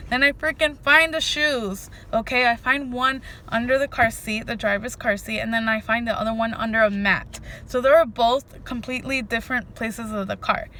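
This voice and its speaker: Woman, vlogger, casual storytelling, emphatic, slightly high voice, faint background noise. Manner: animated, emphatic, says "freaking" a lot; addresses viewers directly.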